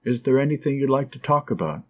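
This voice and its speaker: A tender, fragile young nurse, lovesick and soft-spoken, read by a man. Her lines come pleading and gentle in a middling pitch. The recording sounds a little dull and lo-fi. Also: animated, fast talker, close to an everyday voice. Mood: wistful.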